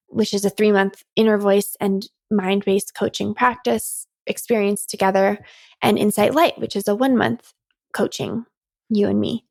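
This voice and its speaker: A woman hosts her solo podcast in an open, conversational way, dropping in "like" and small laughs as she goes. Her voice has a gravelly fry at mid pitch. The sound is dry and close, with no room around it. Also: a little mellow, dry recording. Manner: candid, chatty, many "like"s, laughs often. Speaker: podcast host and coach. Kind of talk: reflective solo podcast talk.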